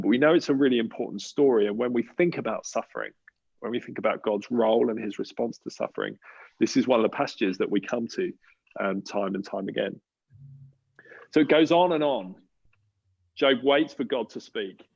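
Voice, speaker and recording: Gravelly Australian man hosting a church panel. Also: mid-range voice, muffled recording. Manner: conversational, thoughtful, with many fillers and restarts. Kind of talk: casual talk on a live panel.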